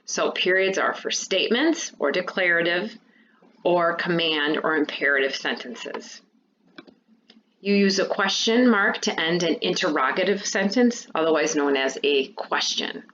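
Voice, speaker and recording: A woman teacher walks young students through a remote lesson, explaining step by step in a patient, clear way. Her voice sits a little low. The recording is dull and lo-fi, with a faint hiss underneath. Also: a bit bright.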